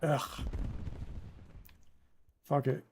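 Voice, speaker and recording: A man's voice: extremely slow, darkish tone. A young man giving casual commentary while playing a naval game, muttering and swearing at what happens. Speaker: gaming streamer.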